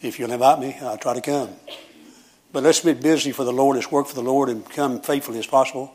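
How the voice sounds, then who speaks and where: A man preaching a sermon as pastor, with a Southern preacher cadence, rising at times into loud shouting praise. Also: fairly even intonation, a little fast, slightly rough. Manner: builds to high, shouting preaching.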